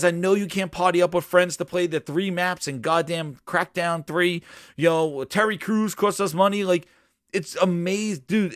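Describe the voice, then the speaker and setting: A man's voice: high voice, a bit bright, no echo, studio quality. A man ranting in casual, profane gaming chat, mocking and heated. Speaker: podcast host.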